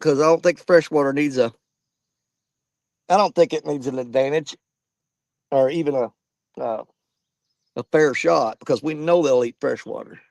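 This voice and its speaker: A man's voice: a little high, moderate pace, vocal fry, long pauses, darkish tone, dry recording. A man hosting a live fishing stream outdoors, out of breath and chatting to viewers by name. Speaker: fishing channel host. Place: outdoors at a riverbank.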